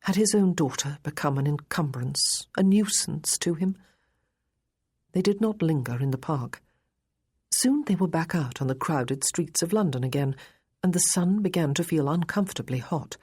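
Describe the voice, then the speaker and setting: A woman narrating a period romance novel in a measured, even storytelling manner. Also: low-pitched, husky. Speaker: audiobook narrator.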